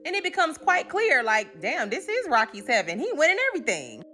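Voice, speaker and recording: A woman's voice: high voice, huge pitch swings, brisk, bright, forceful tone, faint music behind. A woman hosting a comedic recap, telling the story in a sassy, slangy way and acting out the characters. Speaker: host.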